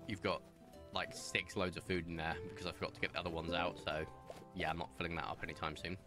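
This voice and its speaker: A man's voice: deep voice, level tone, fast. A young man chatting casually while streaming a video game, rambling into stories and asides. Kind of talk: casual gameplay commentary. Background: faint game music.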